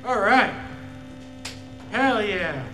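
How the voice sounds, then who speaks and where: A man's voice: high voice, animated, drawn-out words. A man doing a stand-up comedy set in a loose, profane, self-deprecating way, on a handheld stage mic in a live venue. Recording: echoey live club with reverb and faint music.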